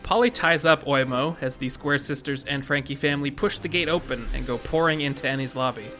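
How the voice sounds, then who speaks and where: A man's voice: mid-range voice, a little fast, sharp tone, faint music behind. A man hosting a casual chat show, reading out plot recaps and laughing often. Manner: laughs often, reads recap points between jokes. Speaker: podcast host recapping a manga.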